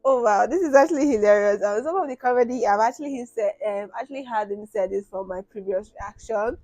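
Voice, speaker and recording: A woman's voice: medium pitch, brisk, warm tone, no room sound, low-quality recording. A woman hosting a reaction video, chatting casually and thinking aloud with frequent fillers. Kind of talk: casual commentary.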